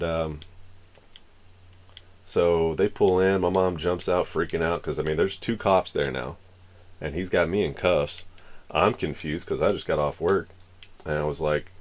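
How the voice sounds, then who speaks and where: A man with a deep voice, fairly even intonation, and a measured pace pauses often as he livestreams a long story. He's from Florida, and he rambles casually while acting out the dialogue of the people in the tale.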